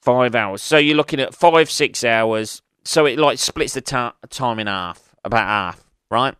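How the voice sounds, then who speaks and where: Male host, profane solo rant, smooth dry close-mic sound. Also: mid-range voice, lively intonation, a little slow, a bit bright, dry recording. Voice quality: profane, rambling, thinks aloud. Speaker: podcast host.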